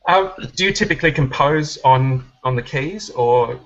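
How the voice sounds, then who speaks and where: A man's voice: fairly high pitch, expressive, moderate pace, fairly bright tone, dull audio. A man asking a songwriter questions in a casual, hesitant way, often restarting his sentences. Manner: hesitant, many ums and restarts. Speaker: interviewer.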